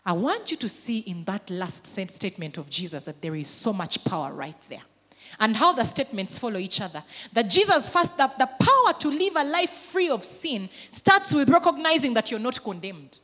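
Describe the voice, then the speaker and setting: A woman's voice: medium pitch, very animated, moderate pace, sharp tone. Woman pastor preaching in a reverberant hall. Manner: preaching with emphatic rising and falling intensity. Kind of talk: sermon.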